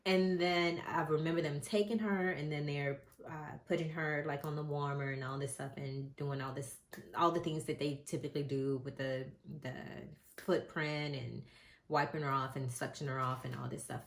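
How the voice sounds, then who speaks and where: A woman's voice: low voice, a little hiss or hum. A middle-aged woman vlogger telling a candid, emotional personal story to the camera, rambling with many fillers and showing keepsakes as she talks. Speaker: vlogger and mother.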